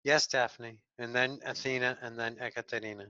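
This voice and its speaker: A man's voice: medium pitch, fairly even intonation, normal speed, pushed and bright, dry recording, dull audio. A man leading an online spiritual class, affirming each speaker and calling members by name. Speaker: group class leader.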